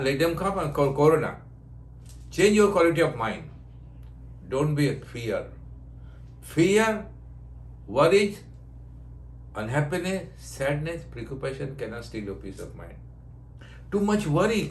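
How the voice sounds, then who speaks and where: A man's voice: a little high, echoey room, slight background noise. An older man, a yoga teacher, giving a spiritual talk in short, repeated phrases of broken English, often laughing. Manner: non-native English with broken grammar. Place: ashram.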